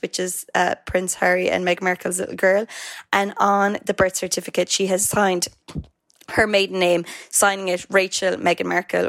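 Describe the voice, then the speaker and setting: A woman co-hosting a casual podcast. She chats freely, dotting her talk with fillers and asides, at an ordinary middle pitch. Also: gravelly. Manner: chatty, lots of fillers and asides. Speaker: podcast co-host. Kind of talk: casual chat.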